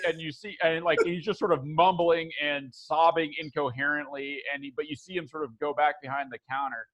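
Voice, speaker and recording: Rambling game master, fairly high voice. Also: male voice, steady tone, fairly quick, hardly any pauses, fairly bright tone. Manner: rambling, many fillers and restarts. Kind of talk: narrating a tabletop game. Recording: dull lo-fi recording.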